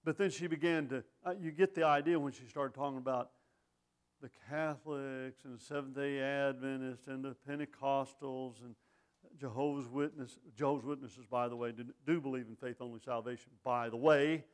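A man's voice: mid-range voice, steady tone, moderate pace, smooth. A middle-aged man preaching a sermon in a folksy, conversational way, full of asides and rhetorical questions.

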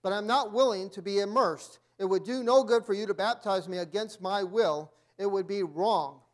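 Indignant young male preacher, high and loud, protesting, read aloud by a man. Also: animated, normal speed.

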